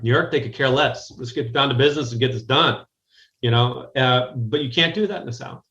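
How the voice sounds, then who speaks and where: Man, American, interview guest, rambling, blunt, mid pitch, roomy echo, muffled audio. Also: a little fast, bright, forceful tone. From United States. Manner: rambling, frequent restarts, direct. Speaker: guest business strategist. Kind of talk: conversational interview. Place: Chicago, remote call.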